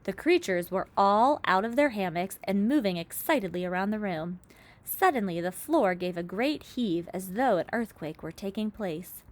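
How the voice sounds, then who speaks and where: A woman reading a children's story aloud in an expressive narrating voice. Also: mid-range voice, normal speed. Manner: expressive, lively. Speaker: reader.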